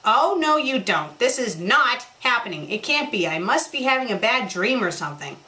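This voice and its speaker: Casting: a woman doing a shrill, panicked young man in a read-aloud story, pitched high and loud. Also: very animated, moderate pace. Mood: shocked.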